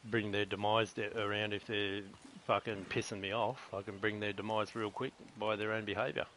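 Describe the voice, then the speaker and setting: A man's voice: lowish voice, flat delivery, moderate pace, fairly bright tone, a little hiss or hum, poor audio. A middle-aged man with an Australian accent, talking bluntly and profanely in a casual rambling monologue on a live stream. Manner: blunt and profane, retelling conversations.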